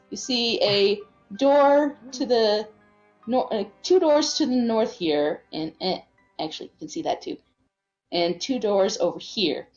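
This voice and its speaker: A woman's voice: medium pitch, darkish tone. Woman game master on a dull line. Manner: casual, describes scenes with many fillers. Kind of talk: narrating an online tabletop game.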